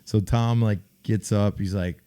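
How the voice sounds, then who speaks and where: A middle-aged man with a fairly low voice chats casually about sports as a podcast co-host. He tells stories with animation and breaks into loud acted quotes from teammates. He talks in a relaxed, offhand way. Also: unhurried, smooth. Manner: animated storyteller, acts out loud shouted quotes. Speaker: podcast co-host, former pro football player. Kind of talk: casual sports chat and storytelling.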